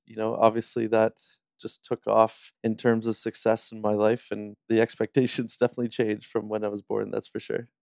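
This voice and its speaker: A man from Canada with a smooth, mellow voice, talking in a relaxed and candid way as an interview guest. He tells stories from his life and now and then acts out the other people in them. The sound is dry and close. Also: fairly low pitch, moderate pace, dry recording. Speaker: podcast guest, Paralympic athlete. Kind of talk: casual storytelling interview.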